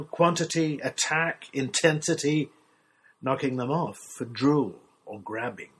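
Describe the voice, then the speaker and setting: Slow, husky-voiced man reading a story. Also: medium pitch, poor audio. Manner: measured, expressive storytelling. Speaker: story reader. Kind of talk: literary short story reading.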